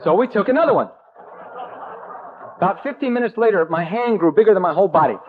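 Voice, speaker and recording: A man from New Jersey telling his own recovery story to a meeting, halting and self-mocking, with jokes between restarts. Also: high voice, lively intonation, background noise. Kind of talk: personal recovery story told to a crowd. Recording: thin, phone-like old tape.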